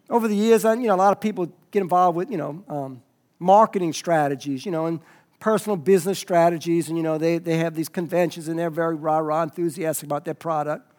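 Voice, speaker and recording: A man preaching a sermon as pastor, moving from soft, low asides to loud, emphatic passages. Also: fast.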